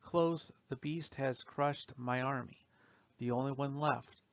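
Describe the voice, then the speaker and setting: Somber male poetry narrator, unhurried delivery, dull and dry lo-fi sound. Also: medium pitch, dry recording. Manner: slow, somber and measured, trailing off softly at line ends. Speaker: audiobook narrator. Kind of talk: slow reading of dark poetry.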